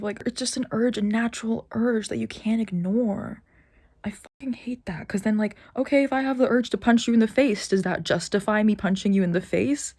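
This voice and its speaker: In a personal vlog rant, a young woman who makes art videos talks openly and wearily about her life. She's in pain, swears frequently, and occasionally whispers. Her medium-pitched voice is mellow.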